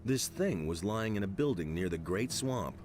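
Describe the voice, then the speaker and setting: An actor playing a game's adventurer hero, speaking in a plain, matter-of-fact way. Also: male voice, on the low side, expressive, normal speed, over music, lightly acted. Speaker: game protagonist.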